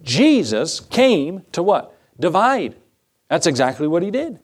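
A man's voice: a little slow, slightly rough. A man preaching a sermon, reading scripture in old-fashioned wording and asking the congregation rhetorical questions. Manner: animated, rising pitch when emphasizing.

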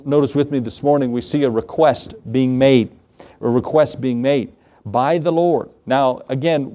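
A man delivers a sermon in a mellow, warm-toned voice at a middling pitch. He mixes scripture reading with folksy stories and asks the congregation rhetorical questions. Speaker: pastor.

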